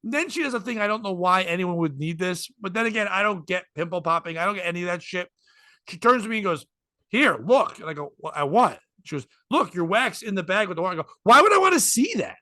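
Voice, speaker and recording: Telling a story on a podcast, this co-host talks at a quick pace in a voice that sits high, recorded without echo. He plays out the dialogue animatedly and keeps cracking self-mocking jokes in a casual, chatty way.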